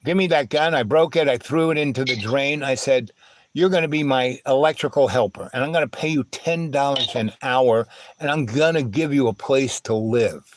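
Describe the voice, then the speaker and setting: A man's voice: medium pitch, normal speed, slight background noise. A man telling stories in casual talk, acting out the voices in his quoted dialogue. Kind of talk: casual storytelling.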